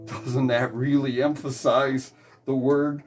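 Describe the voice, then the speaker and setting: A man's voice: mid-range voice, level tone, takes it slowly. A man teaching a guitar lesson on hymn chords, explaining patiently step by step.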